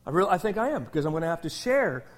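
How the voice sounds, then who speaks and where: A middle-aged man preaching a sermon with passion, swinging between shouted outbursts and hushed, intimate moments, often repeating words as he presses a point. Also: fairly high pitch, very animated, racing. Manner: repeats and restarts words in fervor. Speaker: pastor.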